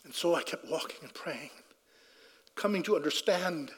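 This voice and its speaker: High-voiced man telling a testimony. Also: animated, normal speed, breathy edge, big-room sound. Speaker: speaker giving a personal testimony. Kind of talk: conversational storytelling testimony.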